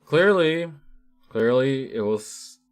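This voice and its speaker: A man's voice: mid-range voice, lively intonation, slow pace, clear, resonant tone, soft background music. A man vlogger giving casual, rambling commentary with many restarts and fillers.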